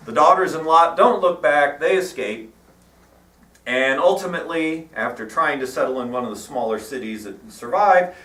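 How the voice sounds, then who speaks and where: A man preaches and retells old stories with wry, irreverent asides. His voice is fairly high and swings lively up and down. The recording comes from a reverberant church hall with the mic set well back. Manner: irreverent, wry, animated storytelling. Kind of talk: sermon. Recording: echoey hall, mic at a distance.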